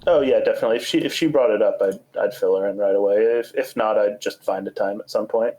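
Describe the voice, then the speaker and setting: A man's voice: fairly low pitch, fast, warm tone, low-quality recording. A man playing in a tabletop game, talking in an offhand, joking way and swearing casually over a home chat mic. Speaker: player. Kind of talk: casual role-play chat.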